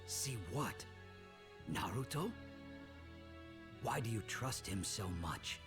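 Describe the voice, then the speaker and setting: An actor playing a bitter, despairing young man in a dubbed game cutscene, speaking in a low hush. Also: lively intonation, slow. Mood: incredulous. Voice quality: low, hushed whisper at times. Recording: game audio under loud music.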